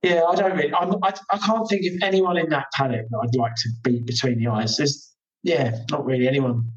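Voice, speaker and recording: A man's voice: fairly high pitch, brisk, distant mic, dull audio. A man, a motorcycle racer guesting on a podcast, telling stories in casual chat and acting out the exchanges he quotes. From England. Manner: animated storyteller, acts out quoted exchanges.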